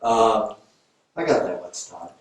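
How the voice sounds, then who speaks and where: A man's voice: on the low side, expressive, slow, far from the mic. Man lecturing in a very echoey room. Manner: conversational, storytelling, fillers and restarts. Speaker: Thai yoga teacher. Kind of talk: informal lecture with a case story.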